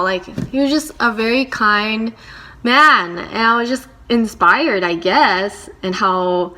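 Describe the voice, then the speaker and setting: A young woman vlogging to camera about her work as a handywoman, talking in a reflective, halting way with many fillers. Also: a little high, sharp tone. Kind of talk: casual talking-to-camera vlog.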